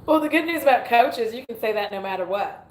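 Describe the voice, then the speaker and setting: A woman's voice: on the high side, animated, quick pace, a little hiss or hum. A young woman is talking casually on her livestream at home. She giggles often, pokes fun at herself and swears freely. Her voice carries a roomy echo. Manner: giggly, self-mocking, swears freely, goofs on words. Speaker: beauty YouTuber hosting a livestream.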